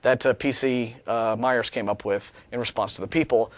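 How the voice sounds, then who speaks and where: A man's voice: medium pitch, fairly even intonation, normal speed, no echo. A man co-hosting a talk show, reading out an email and tearing it apart with sarcasm, often restarting his sentences. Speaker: co-host. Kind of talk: casual chat, reading and rebutting an email.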